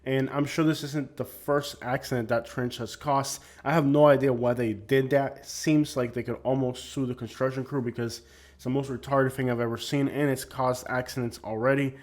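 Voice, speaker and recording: A man talks through his own vlog footage in a loose, unscripted way. He rambles and gives his opinions freely, and he often stops to restart a sentence. His voice sits at an ordinary, mid-range pitch for a man. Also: fairly even intonation, normal speed. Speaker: vlogger. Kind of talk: casual vlog narration over driving footage.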